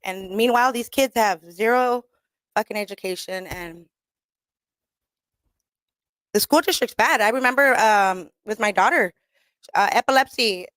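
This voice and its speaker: A woman's voice: medium pitch, a little slow, pauses often, fairly bright tone, no echo. A woman hosting talk radio in a blunt, rambling, profane way, laughing often and mixing in Spanish slang.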